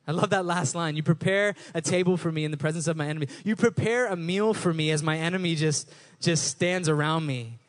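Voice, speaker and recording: Preaching a little fast with hardly any pauses, this young pastor has a somewhat high voice. His sermon feels conversational instead of formal, full of restarts and repeated words as he thinks out loud.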